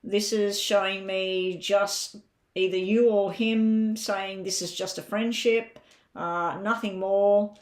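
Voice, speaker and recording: A woman's voice: mid-range voice, steady tone, slow, darkish tone. A woman with an Australian accent giving a live-stream tarot reading, chatting and thinking aloud as she lays out the cards. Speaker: tarot reader.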